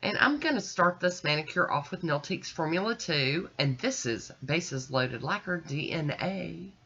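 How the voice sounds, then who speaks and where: A woman's voice: deep voice, expressive, measured pace, sharp tone, husky. Woman, stuffy and nasal, folksy and gushing, casual demo chat, muffled lo-fi sound. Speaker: nail art channel host.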